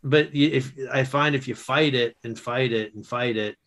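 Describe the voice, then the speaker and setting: Bright-voiced man telling lively stories. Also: mid-range voice. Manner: animated, quick storytelling with restarts and laughs. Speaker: guest author and educator. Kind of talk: casual storytelling.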